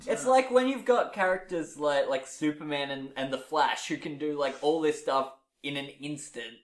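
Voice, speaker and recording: A man chatting casually on a podcast, lively and full of "like". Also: a little high, moderate pace, reverberant. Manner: lively, chatty, uses lots of "like". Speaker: podcast co-host. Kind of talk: casual chat.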